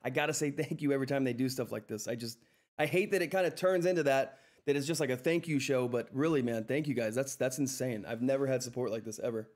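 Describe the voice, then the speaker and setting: A man hosting a live stock trading stream, talking through price charts in an excitable, effusive way that repeats itself. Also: mid-range voice, quick pace. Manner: excitable, effusive, repeats himself, says "all right?" often. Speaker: livestream stock trading host. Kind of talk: live market commentary and chat.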